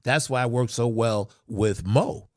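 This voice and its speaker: A man who plays funk music, telling stories about his career in an emphatic, animated way that rises into excited bursts. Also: mid-range voice, a little slow, no room sound, studio quality. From Long Island, New York. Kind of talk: animated storytelling.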